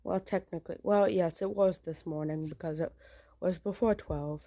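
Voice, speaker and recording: Nervous, hushed young woman with a mellow voice. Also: on the low side, fairly even intonation, normal speed. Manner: nervous, hushed and rambling, with casual swearing. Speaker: vlogger. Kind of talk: casual handheld vlog. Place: small home indoors at night.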